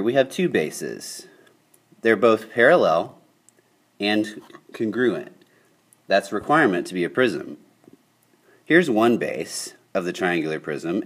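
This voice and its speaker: A young man teaching a geometry lesson on video, upbeat and checking in with his students often. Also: fairly low pitch. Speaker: high school geometry teacher.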